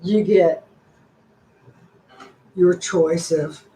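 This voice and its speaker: An older woman hosts her channel's casual live-stream chat, rambling along in a folksy, chatty way. Her voice sits on the low side, with a steady tone, drawn-out words and a mellow quality. The echoey room adds a little hiss or hum.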